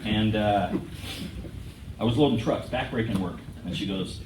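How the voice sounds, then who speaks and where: A man's voice: fairly low pitch, measured pace, very noisy. A man giving a funny retirement speech on an auditorium stage, telling stories and laughing often. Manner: joking storyteller, laughs often. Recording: roomy auditorium sound from a distance.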